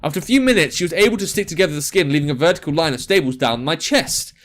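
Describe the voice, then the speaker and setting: A man's voice: fairly high pitch, animated, rapid-fire. A young man reading a visual novel aloud and adding jokey, sarcastic asides. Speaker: gaming video host.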